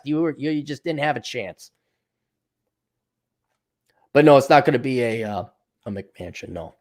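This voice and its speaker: A man's voice: on the high side, normal speed. A man with a somewhat raised voice rants on his own livestream. He turns sarcastic and profane, and mocks others by mimicking them. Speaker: show host. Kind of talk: livestream rant.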